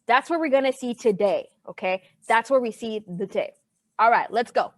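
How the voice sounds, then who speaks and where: Lively, chatty woman teaching an online class. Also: on the high side, normal speed, no echo, studio quality. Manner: chatty, animated and playful with students. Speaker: history teacher. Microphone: video call.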